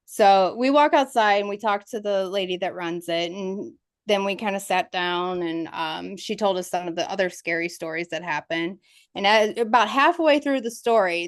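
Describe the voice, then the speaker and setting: A woman describes her ghost investigations in an interview, telling the story vividly and laughing through its tense moments. Her voice sits at a middle pitch and is recorded dry, with no room around it. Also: measured pace, dry recording.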